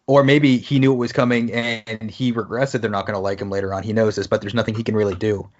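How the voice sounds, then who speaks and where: A man's voice: lowish voice, little pitch movement, quick pace, lo-fi sound. Young man chatting casually on a podcast. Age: 20s. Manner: easygoing, shares trivia with small hesitations. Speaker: podcast co-host. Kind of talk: casual chat.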